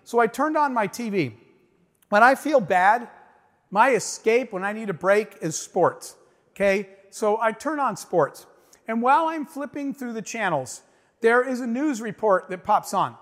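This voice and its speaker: A middle-aged motivational speaker tells his story on stage with emphasis, often turning to address the crowd. His voice is high for a man, animated, a bit bright, and a little slow. Long reverb trails each line as in a big hall.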